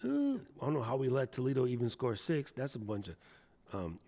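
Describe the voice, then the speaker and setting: Animated chatty man hosting a livestream. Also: medium pitch, fairly quick, a little hiss or hum. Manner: playful, chatty, reads chat aloud, jokey voices. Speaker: livestream host. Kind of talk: casual live stream chat.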